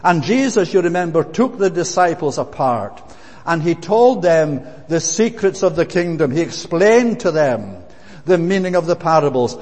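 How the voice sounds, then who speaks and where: A man preaching an expository sermon in a measured way, often pausing on "eh". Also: a little high, lively intonation, a little mellow. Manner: measured, frequent "eh" fillers. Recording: long hall reverb.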